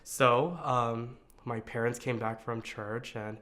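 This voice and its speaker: A man from the United States telling his own coming-out story in a reflective, earnest way, pausing on fillers and restarts. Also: medium pitch, level tone, sharp tone. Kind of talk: personal storytelling.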